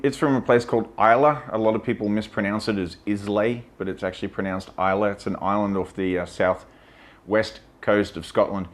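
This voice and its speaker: A man with a fairly low voice talks casually about whisky, blunt and opinionated, swearing freely. He chats loosely with plenty of fillers as he tastes. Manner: chatty with many fillers. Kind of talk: casual whisky tasting talk. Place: lives in Vietnam.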